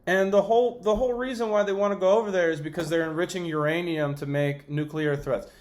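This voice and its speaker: A man's voice: sits high, fairly even intonation, fast talker. Heated, profane male podcast host. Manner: heated, profane, with sarcastic mock quotes. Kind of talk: ranting political commentary.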